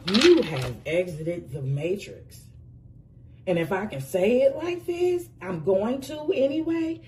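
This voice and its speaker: A tarot reader gives a casual reading slowly, her mid-range voice animated and dark in tone, picked up by a distant mic. She's emphatic and effusive, swears freely, and calls the listener pet names.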